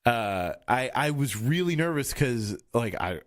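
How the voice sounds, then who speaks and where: A man's voice: medium pitch, sing-song, unhurried. Guy rambling on a studio chat show, keeps restarting, mid-range voice. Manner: rambling, trailing off, many restarts. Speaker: podcast host. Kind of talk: casual chat. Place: radio studio.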